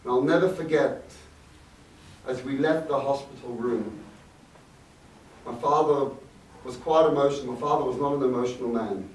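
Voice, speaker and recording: A man's voice: mid-range voice, moderate pace, long pauses. A middle-aged man, a rabbi, telling a reflective personal story to an audience, with Yiddish words mixed in. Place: event hall. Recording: echoey room, distant mic, faint noise.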